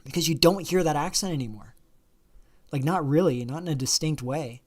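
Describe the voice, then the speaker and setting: A man's voice: on the high side, fairly quick, a little mellow. A man hosting a livestream, talking casually at length and answering viewer questions, with lots of fillers and restarts. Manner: rambling, many fillers and restarts. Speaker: livestream host.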